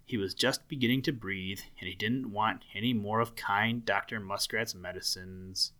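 A man narrating a children's animal story aloud, gentle and storytelling, with dramatic swells. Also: lowish voice, fairly even intonation, moderate pace, hardly any pauses.

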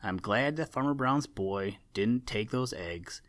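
A man voicing a sly, sharp-eyed male crow who teases the others with mock kindness, in a storybook reading. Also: lowish voice, expressive, unhurried, dry recording. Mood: reflective. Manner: sly, chuckling, mock-kindly.

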